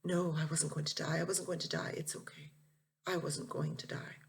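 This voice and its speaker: Woman reading as a tender, hushed mother, gravelly edge, storybook read-aloud. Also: medium pitch, steady tone, normal speed, slight background noise. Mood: soothing. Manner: soft, hushed, soothing. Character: loving, gently joking mother comforting her son.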